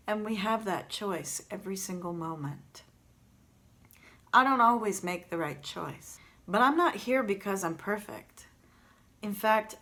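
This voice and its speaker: A woman's voice: medium pitch, a bit bright. A woman talking earnestly and reflectively straight to her viewers in a gratitude vlog, recorded on her phone camera. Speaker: vlogger.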